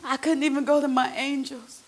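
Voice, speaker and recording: A woman performing a theatrical one-woman stage monologue, emotional and swinging from hushed lines to shouted ones. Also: high-pitched, little pitch movement, moderate pace.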